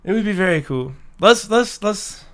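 A young man chats loosely into a desk mic as a podcast co-host, cursing freely and laughing between thoughts. His voice sits a little high and rings bright and forward. He sounds a bit under the weather. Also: animated, normal speed. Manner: profane, joking, laughs often. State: sick. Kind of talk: casual chat.

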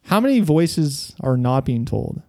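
A man's voice: fairly high pitch, very animated, measured pace, warm tone. A man in casual podcast chat, telling rambling, profane stories with lots of fillers.

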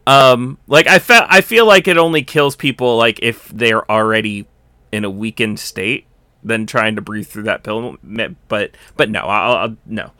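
A man's voice: fairly low pitch, normal speed, sharp tone, dry recording, clean studio sound. A young man in casual recorded chat, rambling with many fillers and restarts.

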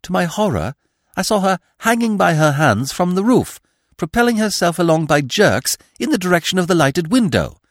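A man narrating a classic story in measured, scripted audiobook style. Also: sits high, very animated, no echo, clean studio sound. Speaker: podcast narrator.

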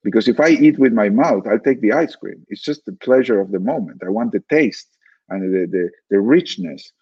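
A man's voice: lowish voice, animated, moderate pace, darkish tone, husky, muffled recording. A man talking through ideas as a podcast guest, thoughtful, often repeating words while he searches for them. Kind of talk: reflective conversational explaining.

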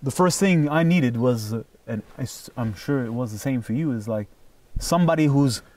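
A man speaking as an interview guest, telling stories in an animated, emphatic way and swearing freely. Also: mid-range voice, normal speed, recorded from a distance. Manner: animated, profane, emphatic storyteller. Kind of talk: casual conversation.

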